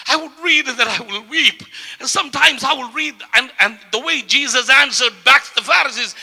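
A man preaching a sermon with passion, often repeating words and swinging from quiet to loud. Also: very high voice, vocal fry, husky. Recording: long hall reverb.

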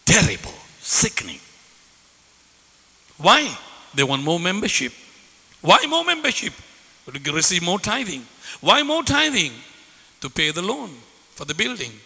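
A man preaching a sermon as a pastor, impassioned and fervent, at times breaking into shouts. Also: high-pitched, wildly swooping pitch, a little slow, gravelly, pauses often, breathy edge, in a large hall.

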